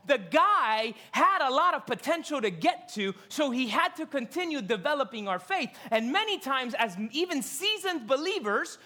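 A pastor preaching with a bright, forward tone, loose and conversational, full of "like" and quick asides. The voice leaps up loud for dramatic moments and drops to near-murmurs for emphasis. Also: expressive. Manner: casual, joking, fillers, dramatic reenactments; swings from loud highs to hushed lows. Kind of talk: sermon.

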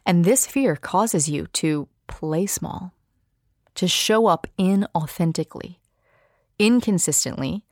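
A woman's voice: on the low side, animated, slow pace, a little mellow, no echo, studio quality. A woman hosting a solo podcast, talking candidly and expressively, with playful asides. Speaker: podcast host.

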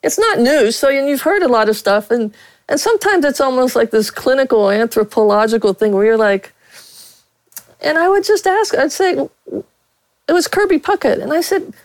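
A woman's voice: high voice, animated, normal speed, no echo, poor audio. A middle-aged woman from Pittsburgh, a veteran sportswriter, telling frank stories with a blunt, candid manner as an interview guest.

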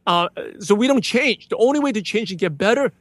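High-voiced motivational male guest. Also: lively intonation, fairly quick, a bit bright, dry recording. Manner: earnest, motivational, rambling with fillers. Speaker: podcast guest. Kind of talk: casual interview chat.

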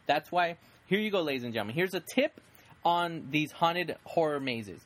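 A man's voice: fairly high pitch, animated, normal speed, a bit bright. A young man hosting a casual podcast, rambling enthusiastically with frequent restarts. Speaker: podcast host. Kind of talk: casual chat.

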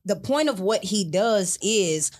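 A woman's voice: mid-range voice, expressive, takes it slowly, darkish tone. A young adult woman co-hosting a podcast, explaining her view bluntly and building it up with examples. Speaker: podcast co-host. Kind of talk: casual podcast chat.

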